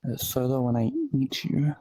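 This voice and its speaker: A woman guest on a live stream, chatting with deadpan jokes. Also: very deep voice, normal speed, dry recording, poor audio. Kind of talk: casual live-stream chat.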